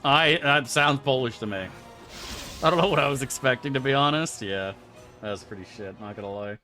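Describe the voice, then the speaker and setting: A man's voice: medium pitch, a little fast, pushed and bright, faint music behind. A young man streaming a game, chatting casually with his viewers in a laid-back, joking and profane way. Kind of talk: casual live-stream chat.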